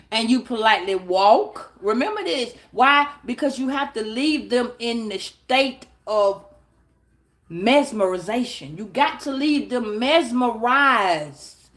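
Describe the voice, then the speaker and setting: A high-voiced woman talks straight into her phone. She gives tarot advice bluntly and with plenty of swearing. She keeps breaking into acted-out little scenes. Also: slow pace. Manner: blunt, profane, animated, acts out little scenes. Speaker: tarot reader. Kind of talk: casual advice monologue.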